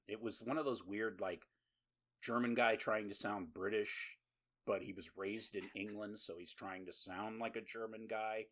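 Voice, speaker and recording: A man's voice: lowish voice, pushed and bright. A man co-hosting a podcast, recapping a horror movie in rambling, profane casual chat full of laughs. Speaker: podcast co-host.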